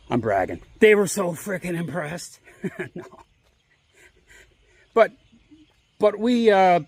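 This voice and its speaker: Animated, high-voiced man rambling on a walk. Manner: rambling, chatty, frequent 'right?' and restarts. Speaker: vlogger. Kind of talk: casual storytelling on a walk.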